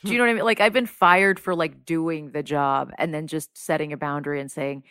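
A woman with a fairly low voice, talking in a casual podcast chat. She tells stories in an animated way, filling them with "like" and quick asides. The sound is dry and close, with no room echo. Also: clean tone. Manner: animated storyteller, heavy use of "like". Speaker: podcast guest.

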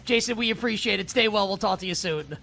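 A man co-hosting a casual sports betting talk show, giggly and excitable with lots of fillers. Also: high voice, fast talker, creaky. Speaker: podcast co-host.

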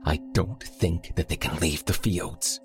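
A man's voice: low voice, measured pace, over music. A male narrator voicing a hardened, injured man who talks bluntly and gives orders. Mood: firm. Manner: blunt, commanding, snarling. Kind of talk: audiobook character voice.

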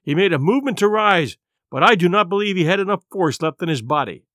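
A man narrating a classic adventure story in a dramatic, expressive reading. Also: high voice, fast talker, no echo, clean studio sound. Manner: dramatic, varied pacing. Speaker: audiobook narrator.

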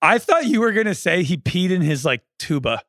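A man's voice: sits high, big pitch swings, brisk, fairly bright tone, no echo, clean studio sound. A man co-hosting a casual podcast, chatty and full of questions. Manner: chatty, hedging with "like", asks questions. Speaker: podcast co-host. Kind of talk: casual chat.

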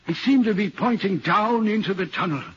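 In a dull old 1940s radio drama recording with a little hiss or hum, an actor with a high, fairly bright, expressive voice plays a haunted, uneasy railway signalman. At normal speed, he earnestly recounts a ghostly sighting.

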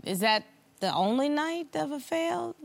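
A woman's voice: sits high, very animated, measured pace, creaky. A woman presiding as a TV court judge, frank and teasing with the couple before her. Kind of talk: courtroom TV banter.

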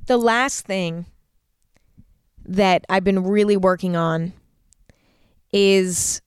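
A woman's voice: medium pitch, clear, resonant tone, no room sound, clean studio sound. A young adult woman hosting her own podcast, talking casually and earnestly with lots of fillers and self-mocking asides. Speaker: podcast host. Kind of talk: casual advice podcast monologue.

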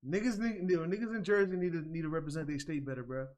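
A man in a casual, animated chat about battle rap, often laughing and mimicking people. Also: fairly high pitch, rapid-fire. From New York.

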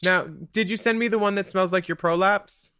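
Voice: medium pitch, fairly even intonation, a little fast, a bit bright, clear, resonant tone. A co-host making sassy, wisecracking jokes in campy drag-show banter.

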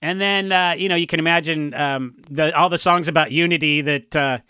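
A man from Orange County, a punk musician, telling rambling, animated stories in a casual interview and acting out what others said. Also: a little high, fairly quick, clean tone, no room sound, studio quality. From Orange County, California. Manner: rambling, animated storytelling with acted-out quotes.

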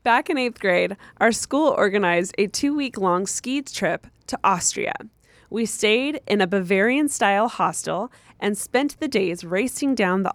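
A woman's voice: medium pitch, dry recording. A young woman co-hosting a podcast, chatting casually and reading a listener's story aloud. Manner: chatty, laughs often, reads steadily. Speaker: podcast co-host.

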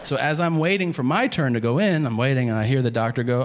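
A man's voice: mid-range voice, fast, hardly any pauses, a little hiss or hum. A man doing a stand-up comedy set, telling a story in a laid-back way and acting out the dialogue. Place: comedy club stage.

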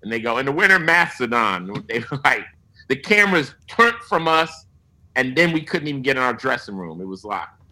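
A man's voice: mid-range voice, normal speed, poor audio. A man guesting on an interview, telling stories casually and profanely, acting out what others said. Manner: profane, animated storyteller quoting others. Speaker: guest musician.

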